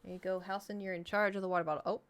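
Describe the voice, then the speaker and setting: A woman's voice: mid-range voice, flat delivery, racing, slight background noise. A young adult woman chatting casually on a gaming stream, rambling to chat and her pet.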